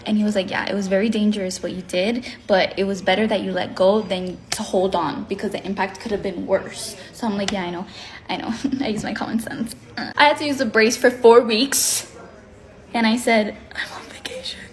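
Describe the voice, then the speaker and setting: A woman's voice: mid-range voice, steady tone, brisk. A woman vlogger telling a dramatic get-ready-with-me story, acting out her own reactions and switching languages mid-sentence. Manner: mixes English and Spanish mid-sentence.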